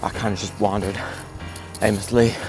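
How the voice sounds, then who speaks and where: Loud, crude hillbilly character, put on by a man for a comedy vlog, lurching from shouted outbursts to low grumbling. The voice sits fairly low, and music plays clearly behind him. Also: flat delivery, moderate pace, lightly acted. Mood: rambling. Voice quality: loud, crude, jumps between yelling and muttering. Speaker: vlogger.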